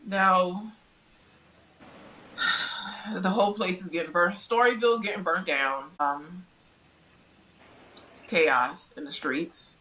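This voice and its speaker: A middle-aged woman co-hosting a casual podcast, animated and quick to laugh as she recaps a TV show. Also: lowish voice, low-quality recording. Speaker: podcast co-host. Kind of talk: casual pop-culture chat.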